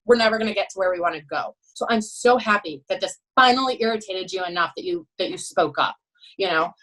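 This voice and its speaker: In a podcast interview, a female head swim coach recounts stories with animation and emphasis, often dropping in "you know" and "right." She speaks fast in a mid-range voice, captured on a low-quality recording.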